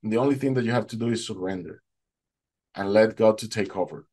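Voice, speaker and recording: A man giving a personal faith testimony, telling his story in an animated way and acting out what people said. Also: lowish voice, fast talker. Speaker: testimony speaker.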